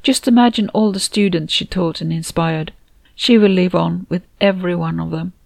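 A woman reading a warm, motherly woman in an audiobook, who speaks gently and soothingly to a grieving friend. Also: on the low side, normal speed, creaky, dry recording. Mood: comforting.

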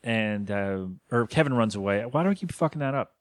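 A man co-hosting a podcast, casually recapping a cartoon episode with jokes and quick quoted voices. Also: mid-range voice, lively intonation, no echo, clean studio sound. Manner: joking, retells scenes with quick put-on quotes. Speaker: podcast co-host.

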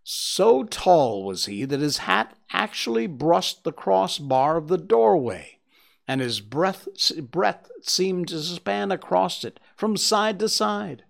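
A man reading a story aloud as its narrator, in an expressive, unhurried manner. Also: sits high, gravelly. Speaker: audiobook reader.

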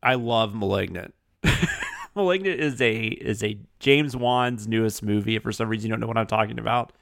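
A man's voice: on the low side, moderate pace, vocal fry, a bit bright, no room sound, clean studio sound. A man co-hosting a casual podcast, chatty and laughing between remarks. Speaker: podcast co-host.

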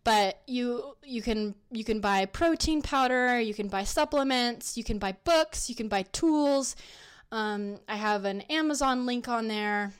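A woman hosting her own podcast, chatting casually with lots of fillers and restarts as she pitches products in an upbeat way. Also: unhurried, clear, resonant tone. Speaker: podcast host. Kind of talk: casual solo podcast talk.

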